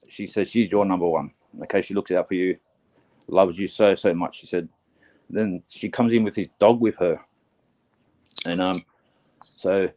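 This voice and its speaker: A fairly low-voiced man gives a live online psychic reading in a soft, halting way, stopping and restarting often. He is nervous, on air for the first time. The sound is a little muffled, like live stream audio. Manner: halting, gentle, full of fillers and restarts. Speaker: psychic medium.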